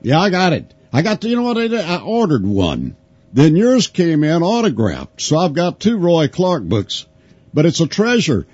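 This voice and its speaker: A radio interviewer chats in a folksy, joking way, his slightly high voice rising and falling with lots of life. The sound is dry and dull, like an archived broadcast. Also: huge pitch swings, normal speed, darkish tone, husky, no echo. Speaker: radio host. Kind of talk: phone interview.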